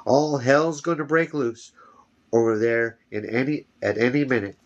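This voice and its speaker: A man voicing a loud, blustering middle-aged town official in a home story reading. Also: mid-range voice, moderate pace, muffled recording, lightly acted. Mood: alarmed. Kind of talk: audiobook reading.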